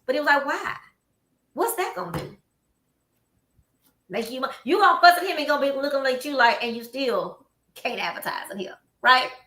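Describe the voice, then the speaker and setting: A woman's voice: sits high, moderate pace, pauses often. A woman with a Southern US accent hosting a casual chat, telling stories with animation and acting out what people said. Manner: animated storytelling, acts out quotes. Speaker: host. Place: office room. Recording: echoey room.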